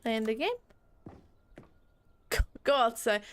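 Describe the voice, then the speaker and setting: A woman's voice: mid-range voice, a little slow. A young woman streamer chatting casually while playing a game, reading on-screen text aloud and bursting into laughing shrieks. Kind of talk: casual gameplay commentary.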